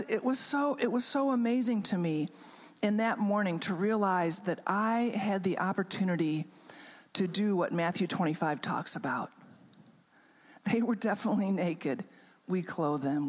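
A woman pastor speaks from a chapel, her voice ringing with a long, hanging reverb. She tells her story in a casual, halting way, full of fillers and restarts. Her pitch sits in an ordinary middle range. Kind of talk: storytelling sermon. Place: chapel hall.

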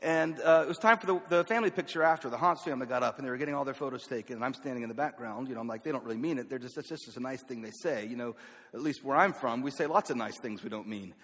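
Southern man, North Carolina roots, middle-pitched, telling a folksy story in a big reverberant hall. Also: rapid-fire, a bit bright. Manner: folksy, self-deprecating, with laughs. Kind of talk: personal storytelling.

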